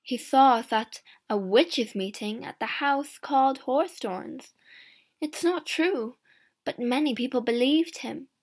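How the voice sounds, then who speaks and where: A woman narrating a first-person storybook slowly and clearly. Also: high-pitched. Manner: slow, clear and deliberate. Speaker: audiobook narrator.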